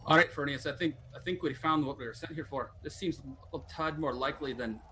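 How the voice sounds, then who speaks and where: A man role-playing a dwarf in a tabletop game, speaking in a dry, measured way. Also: on the high side, sharp tone, slight background noise. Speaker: player.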